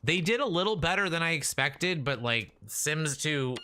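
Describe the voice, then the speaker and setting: Man, thirties, chatty game streamer talking to his characters, lively up-and-down delivery, noisy stream audio. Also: a little high, normal speed. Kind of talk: casual gameplay commentary. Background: game sounds.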